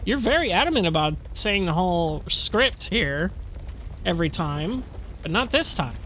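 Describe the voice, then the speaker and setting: A man's voice: sits high, big pitch swings, normal speed, pushed and bright, a little hiss or hum. A young man commentating casually on a horror game, rambling, laughing and swearing. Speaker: let's play host.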